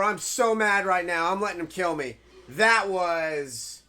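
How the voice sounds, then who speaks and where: A man commentating his own gameplay live, excitable and swearing at the game, then talking softly to his pet. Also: sits high, unhurried. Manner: soft baby talk to a pet. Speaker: game streamer.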